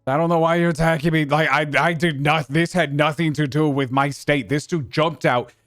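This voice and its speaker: A man's voice: a little high, steady tone, normal speed, a bit bright, dry recording, studio quality, soft background music, close to an everyday voice. A man voicing a shaken male trucker who keeps protesting his innocence during a tabletop role-play game. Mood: defensive. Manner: flustered and protesting.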